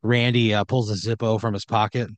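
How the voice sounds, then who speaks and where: A man's voice: lowish voice, little pitch movement, fairly quick, no room sound. A man improvising a comedic horror story in a loose, rambling way full of fillers.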